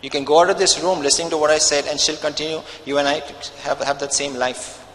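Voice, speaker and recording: A man's voice: fairly high pitch, steady tone, fast talker, fairly bright tone, long reverb tail, slight background noise, poor audio. A man preaching a sermon as pastor, emphatic and full of rhetorical questions.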